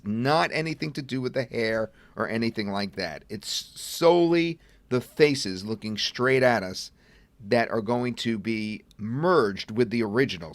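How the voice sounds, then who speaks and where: A middle-aged man presenting a software demo in a casual webinar, chatting and thinking aloud as he clicks through at a computer. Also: medium pitch, no room sound. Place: at a computer desk.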